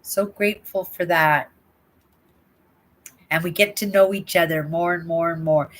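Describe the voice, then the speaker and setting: With a voice on the low side, fairly even intonation and a measured pace, an older woman from Canada hosts a casual livestream. She reads viewers' comments out loud, drifts into rambling asides and often asks "right?"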